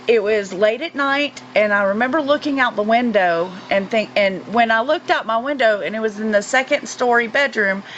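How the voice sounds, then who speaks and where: A woman in her forties from North Carolina with a fairly high voice tells her story earnestly, pausing often and filling gaps. The recording is slightly muffled, and a faint hiss runs underneath. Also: a bit bright. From North Carolina, USA. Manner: earnest, halting storytelling with many fillers. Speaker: guest. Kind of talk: recounting a personal experience.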